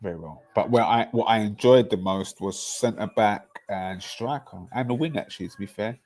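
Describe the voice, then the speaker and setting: A man's voice: lowish voice, normal speed, a little mellow. A man, chatting casually and boastfully about football on a podcast with friends, rambling between slangy asides.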